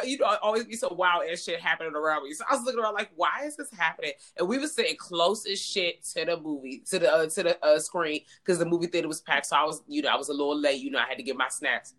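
Fast, bright, lively woman chatting. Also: lowish voice. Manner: fast, laughing, swears freely. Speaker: podcast co-host. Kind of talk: casual chat.

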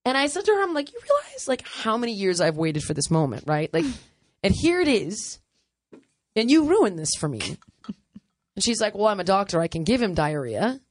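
A woman host telling a funny travel story in casual chat, animated and laughing often, acting out other people's lines. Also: medium pitch, moderate pace, no echo, clean studio sound.

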